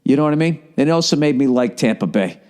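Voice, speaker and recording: A man's voice: mid-range voice, expressive, quick pace, a little mellow. A man hosting a solo podcast, ranting in a profane, fired-up way with sarcastic asides, from the Boston area. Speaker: podcast host.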